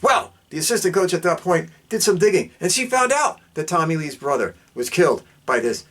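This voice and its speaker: Excitable, high-pitched rambling podcast host man. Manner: fast, loose delivery with fillers. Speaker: podcast host reviewing a film. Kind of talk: casual film recap.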